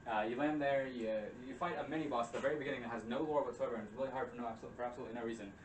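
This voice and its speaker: A young man talks fast and loose, swearing as he acts out characters' lines. His voice sits at a middle pitch and sounds far from the mic in an echoey room with faint background noise. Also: steady tone. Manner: rambling, profane, acts out quotes. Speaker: game recap presenter. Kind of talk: casual chat. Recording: roomy room, distant mic.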